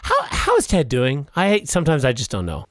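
A man hosting an improvised comedy podcast, animated and stammering, jumping between shouts and mumbles. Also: mid-range voice, brisk, no echo, clean studio sound. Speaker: podcast host.

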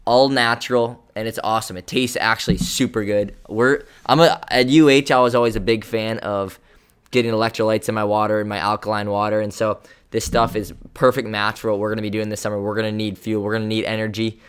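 A man's voice: fairly low pitch, little pitch movement, fast talker, clear, resonant tone. A man doing an upbeat, casual sponsor read on a podcast. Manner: upbeat, promotional. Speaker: podcast co-host.

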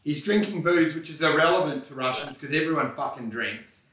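A man co-hosting a casual comedy podcast, animated and full of swearing and mocking impressions. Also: a little high, a little fast, far from the mic. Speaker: podcast co-host. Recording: roomy, off-mic.

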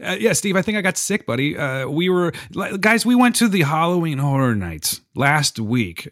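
A man hosting a casual podcast, sick with a rough voice, joking and rambling at himself. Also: fairly high pitch, big pitch swings, moderate pace, a bit bright, dry recording, studio quality. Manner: jokey, self-mocking, rambling. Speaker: podcast host.

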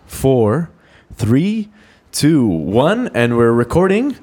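Male podcast host, easygoing, laughs a lot, halting restarts. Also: mid-range voice, sing-song, darkish tone. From Lebanon. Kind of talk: casual podcast interview.

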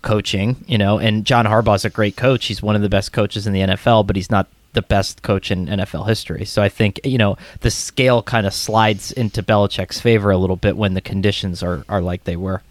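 A man's voice: on the low side, steady tone, a little fast, hardly any pauses, no room sound. A young man co-hosting a sports podcast, talking loosely with many fillers. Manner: loose, filler-heavy, chatty. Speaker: podcast co-host. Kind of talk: casual sports chat.

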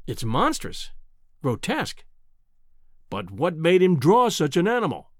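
A man voicing a doubtful young male journalist, measured and skeptical, in a storybook reading. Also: fairly high pitch, huge pitch swings, no room sound, clean studio sound, heavily acted.

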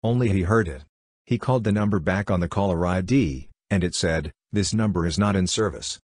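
A man reading a series of short ghost stories aloud in a steady, even storytelling delivery. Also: sits low, a little fast, breathy edge, dry recording, studio quality. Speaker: narrator.

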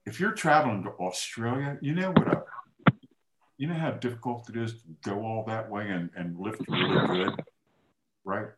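Man telling animated stories in an echoey room. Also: fairly low pitch, moderate pace, very noisy. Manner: lively anecdote teller, acts out quoted dialogue. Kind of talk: casual storytelling chat.

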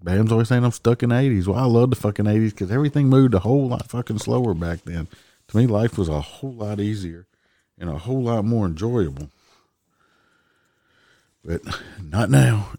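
A man's voice: on the low side, brisk, dark tone, dry recording, studio quality. A man, a traffic police officer telling stories in a blunt, profane, ranting way. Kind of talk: casual storytelling monologue.

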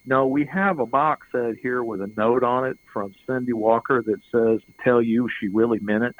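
A middle-aged man, interviewed as a guest, tells a long, rambling anecdote in a casual manner, chuckling and often repeating words. His medium-pitched voice keeps a steady tone at normal speed, and the audio sounds narrow and tinny.

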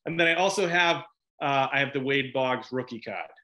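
A middle-aged man from Chicago chats as a guest in a casual interview. His voice is bright and forceful, and he laughs often. He rambles, restarting his sentences as he goes. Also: mid-range voice, normal speed. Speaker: actor guest.

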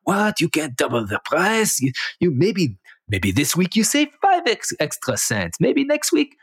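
A man's voice: huge pitch swings, a little slow, breathy edge, heavily acted. A man voicing an indignant neighbor with an Israeli accent, haggling and repeating himself. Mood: outraged. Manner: shrill, outraged, repeating himself.

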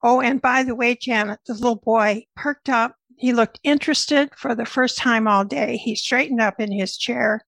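An older woman, a nutritionist guest, telling lively stories from her career in a conversational way. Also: a little high, normal speed, creaky, hardly any pauses, dry recording, poor audio. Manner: lively anecdotal storyteller. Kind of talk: conversational storytelling.

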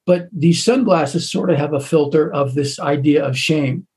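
A man who is an author talking in a casual conversation, halting, with many restarts. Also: a little high, darkish tone.

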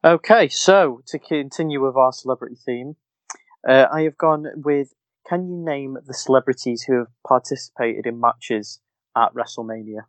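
A man's voice: medium pitch, normal speed, no echo. A man runs a quiz on a podcast in an easygoing, agreeable way. His voice sits mid-range and sounds dry and close. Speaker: podcast co-host and quizmaster. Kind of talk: casual podcast chat.

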